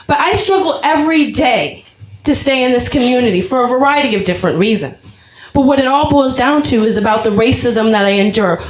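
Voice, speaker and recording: A woman's voice: sits high, echoey room, poor audio. A woman from Vermont giving an earnest, emotional public comment at a town meeting. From Vermont, USA.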